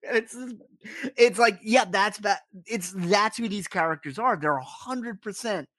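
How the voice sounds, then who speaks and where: Man, casual chat, animated storytelling, slightly high voice, dry sound. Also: measured pace, no room sound. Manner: animated storyteller, acts out quotes. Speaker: podcast co-host.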